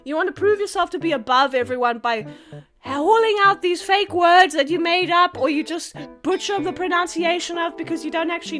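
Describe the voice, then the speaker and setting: Female creator, very high pitch, profane and exasperated unscripted rant. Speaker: online video creator.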